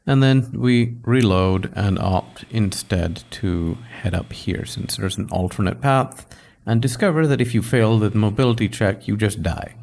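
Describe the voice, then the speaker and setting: A man's voice: lowish voice, a little slow, creaky, a little mellow, rough recording. A man hosting a let's play, mixing casual commentary with reading game text, in a wry, amused manner.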